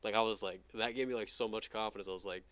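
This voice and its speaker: A young man from New York talks in a rapid, rambling rush, piling on fillers and swear words. His voice sits fairly low. He tells his stories as an interview guest in a loose, casual chat. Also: steady tone, a bit bright, clear, resonant tone, dry recording. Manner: rapid, profane, filler-heavy storytelling.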